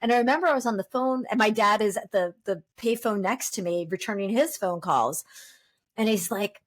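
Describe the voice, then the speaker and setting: A woman in her fifties talks in a relaxed podcast chat with a mid-range voice. She tells stories with lively energy, slipping into the voices of the people she quotes. Her talk is casual and full of asides. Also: medium pitch, fairly quick. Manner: lively storyteller who acts out quoted voices. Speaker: dog trainer guest.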